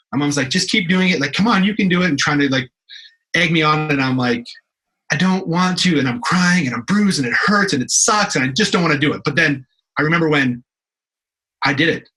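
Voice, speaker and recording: A young man from Canada talks as a fitness professional in a relaxed interview. His voice is bright and forceful, at a middling pitch for a man. He tells stories with energy, doubling back on his words and scattering fillers as he goes. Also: poor audio. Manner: animated storyteller, frequent restarts and fillers. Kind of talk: casual interview chat.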